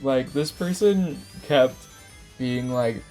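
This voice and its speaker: A man's voice: medium pitch, takes it slowly, warm tone, soft background music. A young man telling a casual personal story, rambling, laughing often and stumbling over his words. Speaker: vlogger.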